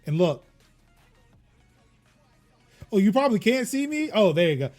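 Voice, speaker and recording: Man, high voice, playful quick banter, laughs a lot, podcast host, faint music. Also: sing-song, darkish tone. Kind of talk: casual chat.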